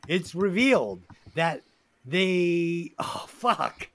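A man's voice: fairly high pitch, very animated, drawn-out words, fairly bright tone. A man hosting a casual movie review podcast, reading a plot summary aloud with slips and swearing jokes. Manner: profane, jokey, reads summary aloud with slips.

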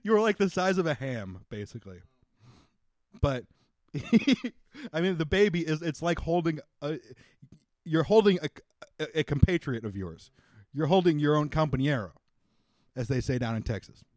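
A man's voice: a little high, expressive, normal speed, pauses often, a little mellow, no echo, clean studio sound. A man running a tabletop game as game master, describing scenes in a loose, rambling way with restarts.

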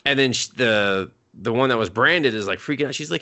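A young man with a fairly low voice recaps an anime film in a loose, rambling way. He swears freely and slips into quick, animated impressions of the characters as he goes. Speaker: podcast co-host.

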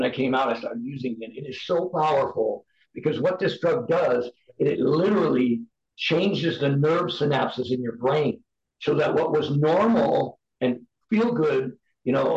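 A man's voice: fairly high pitch, a little mellow. A middle-aged man, a podcast guest, giving candid personal testimony in an earnest, emphatic, preacher-like way. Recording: roomy, dull lo-fi sound.

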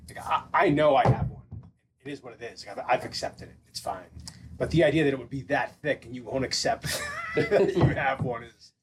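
A man's voice: medium pitch, huge pitch swings, a little fast, a crowd in the background. A man with a Boston accent co-hosting a podcast, who talks casually and pokes fun at himself. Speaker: podcast co-host. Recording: noisy podcast recording.

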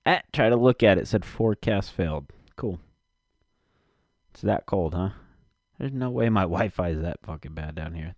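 A man's voice: low-pitched, lively intonation, moderate pace, pauses often, a little mellow, dry recording. A man rambling casually to himself and his audience from his basement, cursing often and muttering while he searches for something.

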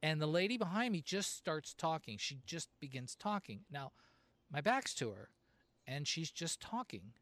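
A man's voice: a little high, big pitch swings, normal speed, a bit bright, no echo. A middle-aged man from Southern California hosting a casual chat, telling stories and laughing often. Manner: chatty storyteller, laughs often.

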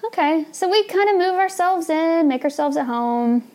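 A woman's voice: very high voice, lively intonation, normal speed, darkish tone. A young woman hosting a podcast, telling a story in a casual, chatty way with plenty of fillers and laughs. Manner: chatty, laughs often, lots of "like" and "you know". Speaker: podcast host.

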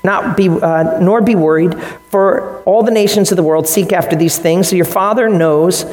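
Animated man preaching in an echoey church. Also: sits high, moderate pace, faint music behind. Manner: animated, joking asides, acts out quoted voices. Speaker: pastor. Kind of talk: sermon. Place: church sanctuary with congregation. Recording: echoey church hall, long reverb.

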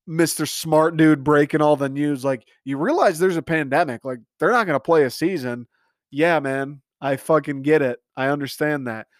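A man's voice: on the high side, dry recording, clean studio sound. A young man hosting a solo podcast, ranting in a profane, exasperated way. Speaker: podcast host. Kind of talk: casual solo podcast rant.

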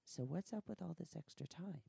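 A woman's voice: sits low, brisk, creaky, breathy edge, no room sound, studio quality. A woman telling candid, profane stories from her work in a casual podcast conversation. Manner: blunt, profane, animated storytelling. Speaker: guest.

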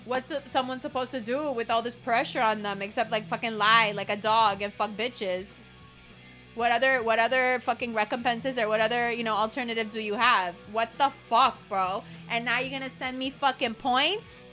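A woman plays an enraged lover leaving a voice note, cursing at every turn and dripping with sarcasm. The voice is bright and forceful, and sits a little high. Soft music plays behind her. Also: steady tone, moderate pace. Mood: furious. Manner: profane, cutting, sarcastic. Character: furious woman ranting at a cheating lover. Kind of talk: acted voice-note rant.

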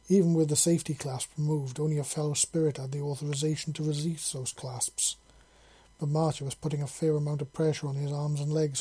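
A narrator reads fan fiction aloud in a husky, mellow voice. The reading is unpolished, with frequent slips and corrections along the way. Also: medium pitch.

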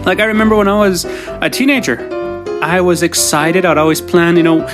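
Music plays behind this middle-aged Canadian podcaster, who has a cold and runs his show alone. He talks fairly fast in a high-sitting voice, wandering off topic with self-deprecating humor.

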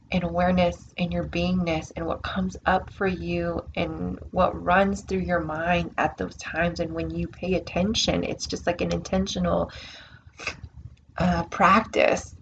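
A woman's voice: on the low side, vocal fry, dull audio, a little hiss or hum. A woman hosting her own podcast, talking earnestly in a reflective, spiritual self-help monologue and repeating words for emphasis. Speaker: podcast host.

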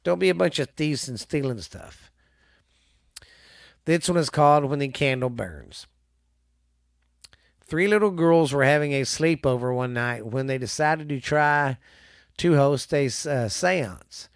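A man hosting a podcast, reading ghost stories aloud in a halting, casual way with many restarts. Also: a little high, creaky, no room sound, studio quality.

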